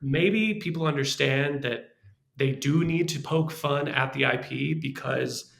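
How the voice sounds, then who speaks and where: Screenwriter guy on a podcast, gravelly fry, sharp bright tone, animated storyteller. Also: medium pitch, a little slow. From Los Angeles. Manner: animated, restarts and acts out quoted voices. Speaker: screenwriter guest.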